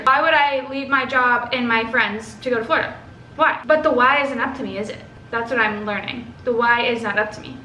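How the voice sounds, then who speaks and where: A young woman from Texas telling a story to camera in a casual, animated way, swearing and acting out what others said. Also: a little high. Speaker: vlogger. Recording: echoey room with faint ambient noise.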